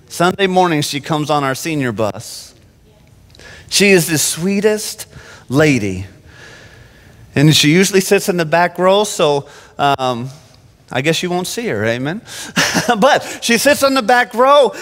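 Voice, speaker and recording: A man preaching an animated sermon from the pulpit, often restarting his phrases. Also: high voice. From Phoenix. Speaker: pastor. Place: church sanctuary. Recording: long church-hall reverb.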